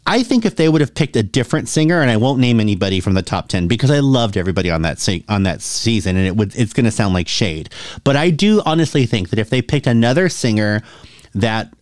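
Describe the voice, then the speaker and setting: Chatty man with a low voice. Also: very animated, fast, no room sound, studio quality. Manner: chatty, opinionated, laughs often. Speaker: host. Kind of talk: casual reaction commentary.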